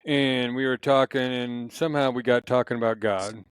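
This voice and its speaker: A man's voice: mid-range voice, steady tone, moderate pace, clean tone, no room sound, poor audio. A man in casual conversation, telling stories in a rambling, passionate way, with many restarts. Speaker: podcast guest.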